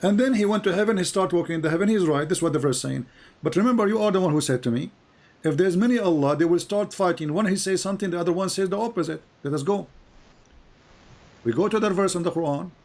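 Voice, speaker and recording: A man with a fairly high voice hosts a live-streamed debate, pushing his points and repeating questions until they land. His voice is wearing thin and hoarse, with frequent throat-clearing. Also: quick pace, a little mellow. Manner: pressing, repeats questions, interrupts. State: losing his voice. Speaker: debate host.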